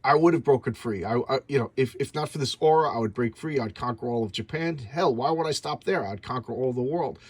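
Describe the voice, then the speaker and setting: A man reading as a ranting jailed villain, husky. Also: mid-range voice, brisk, hardly any pauses, no echo, lightly acted. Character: boastful imprisoned male villain, ranting.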